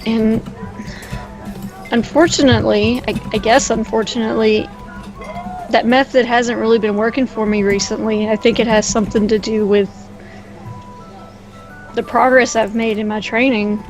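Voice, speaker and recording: A woman's voice: on the high side, fairly even intonation, normal speed, pauses often, music in the background, rough recording. A woman playing in a tabletop game, talking in character with hesitant, self-correcting speech. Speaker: player. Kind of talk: casual in-character role-play.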